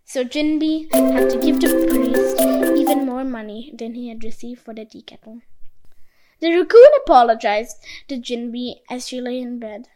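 A woman with a high, light voice reads a folk tale aloud. Her narration is expressive and animated, lifting for surprises and dropping for quiet moments. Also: moderate pace, faint music behind, poor audio. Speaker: storyteller. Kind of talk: storybook narration.

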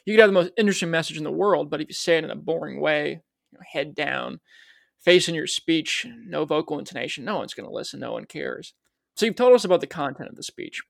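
A man's voice: on the high side, expressive, fast talker, gravelly, dry recording, studio quality. A man co-hosting a podcast, talking casually and prompting his partner with questions. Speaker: podcast co-host. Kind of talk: conversational podcast talk.

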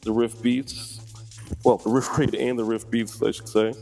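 A man's voice: mid-range voice, flat delivery, normal speed, creaky, warm tone, faint music behind. A man co-hosting a casual gaming chat, explaining event rules with frequent ums. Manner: explanatory, many ums and you-knows. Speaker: co-host.

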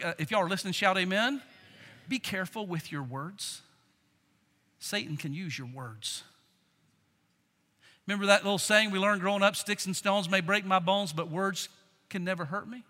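Pastor, male, animated sermon delivery, high and very expressive, hall reverb. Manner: animated, dramatic preaching with acted quotes.

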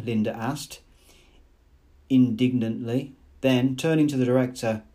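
A man narrating a novel aloud in a measured, dramatic way. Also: mid-range voice, mellow. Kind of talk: audiobook reading of a novel.

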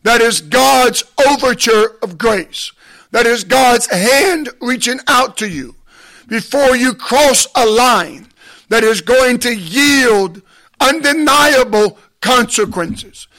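A man delivers a sermon in a strikingly high voice, taking his time with long, deliberate pauses. He speaks with emphasis and builds into impassioned appeals, with a bright, forceful edge to his voice. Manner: measured, emphatic preaching with deliberate pauses, rising to impassioned exhortation. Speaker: preacher.

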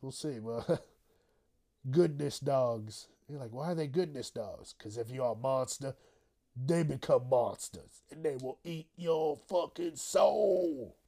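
A man's voice: medium pitch, a little slow, dark tone. A man hosting a casual solo news podcast, rambling and swearing, often trailing off into mumbles. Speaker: podcast host.

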